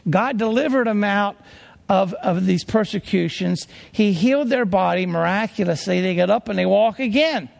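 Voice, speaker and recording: Male pastor, high gravelly voice, emphatic sermon delivery, long reverb. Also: normal speed, darkish tone. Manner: emphatic, restarts phrases, drops low for grim details.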